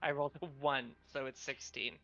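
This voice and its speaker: A tabletop game player describing a character's actions in a chatty, halting way. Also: mid-range voice, steady tone, sharp tone, lo-fi sound, soft background music.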